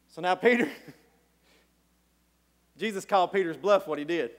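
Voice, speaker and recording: A man delivers an animated sermon, storytelling with sudden shouts and frequent chuckles. His voice sits very high for a man. The sound rings with the long reverb of a large hall. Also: measured pace, pauses often. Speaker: preacher.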